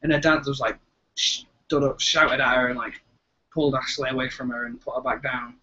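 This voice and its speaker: A man's voice: medium pitch, steady tone, moderate pace, sharp tone. A man co-hosting a live video chat, rambling and interrupting himself as he tells stories. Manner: rambling, self-interrupting storyteller. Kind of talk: casual chat. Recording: dull lo-fi webcam audio.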